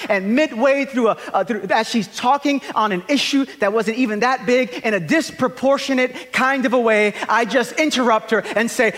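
A male pastor giving a conference sermon, telling animated, self-deprecating stories and acting out the scenes. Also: high voice, brisk, hardly any pauses. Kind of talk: conference sermon with humorous storytelling. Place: large conference hall. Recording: long reverb of a large hall.

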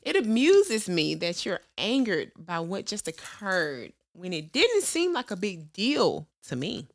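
A woman with a mid-range voice that swings widely in pitch, chatting casually. She reads stiff, formal phrases aloud and laughs often between them. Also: wildly swooping pitch, measured pace. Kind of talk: casual chat, reading out phrases.

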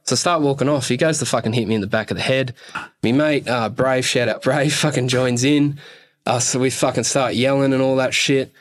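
A man speaks as a podcast guest, recounting a story in casual, rambling talk. He swears constantly and pads lines with loose fillers. His voice sits at an ordinary male pitch. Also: steady tone, a little fast. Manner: profane, rambling, fillers like "rah, rah".

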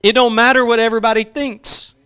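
A man's voice: very high-pitched, level tone, brisk, sharp tone, clear, resonant tone. A man preaching a sermon, impassioned, drawing out key phrases for emphasis and acting out quotes.

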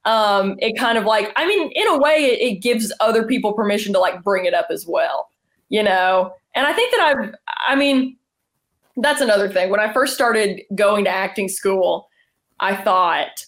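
A woman with a thick Southern US accent chats on a stream as a stand-up comedian. She jokes and tells stories, speaking into a laptop mic on a video call. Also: medium pitch. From Southern United States. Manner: joking, storytelling, quick asides. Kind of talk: casual streamed chat.

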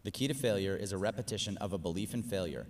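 A middle-aged man preaching a sermon, animated, acting out exasperated rants in a high, strained voice. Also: fast, in a large hall.

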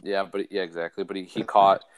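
A man co-hosting a podcast in casual chat, laid-back and quick to laugh as he moves the talk from one segment to the next. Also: deep voice, level tone, smooth, no echo, rough recording. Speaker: fantasy league podcast co-host.

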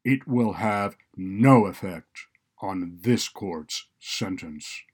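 Man doing a deep stern chief judge. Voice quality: deep resonant voice. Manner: loud, slow, measured pronouncements. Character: stern male chief judge, cold and commanding.

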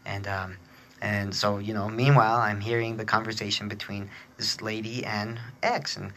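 A man tells a personal story on his podcast in loose, chatty fashion, laughing as he goes and pitching his voice up to mimic others. His voice sits a bit low but sounds bright and forceful. A faint noise floor hums under the recording. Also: level tone, normal speed. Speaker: podcast host. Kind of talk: casual storytelling.

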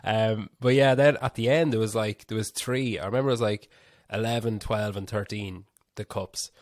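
A man's voice: lowish voice, steady tone, normal speed, no echo, clean studio sound. A young man in casual chat, chatty and self-deprecating.

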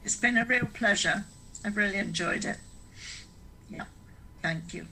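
A woman's voice: medium pitch, unhurried, gravelly, sharp tone, a little hiss or hum, poor audio. A woman guest author telling a reflective story in an online talk, hesitant with restarts and wry humour.

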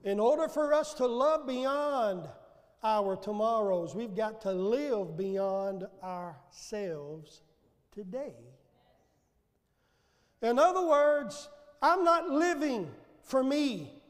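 A man preaching a fervent sermon in a church, building to shouts and calling out to the congregation. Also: very high-pitched, animated, takes it slowly, in a large hall. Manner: fervent preaching with rising shouts and call-and-response. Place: church sanctuary.

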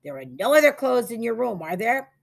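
A woman voicing a strict father who gives his son clipped, firm orders in a loud, raised voice. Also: fairly high pitch, big pitch swings, brisk, vocal fry, pitched above the performer's own voice, full character voice. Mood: stern. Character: stern strict father of a boy.

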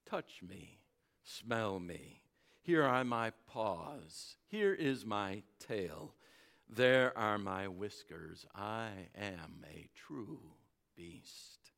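A preacher reading aloud, voicing a majestic male lion from a storybook, gentle but commanding. He speaks low, soft and very slowly, each phrase weighed. The tone is bright and clear despite the hush. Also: expressive, heavily acted. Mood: gentle, solemn. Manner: slow, hushed and solemn.

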